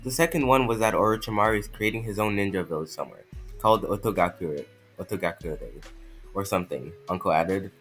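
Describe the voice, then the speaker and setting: Low-voiced man reading fanfic haltingly. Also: fairly bright tone, faint music behind, poor audio. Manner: halting reading with frequent restarts and fillers. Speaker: fanfic reader and channel host.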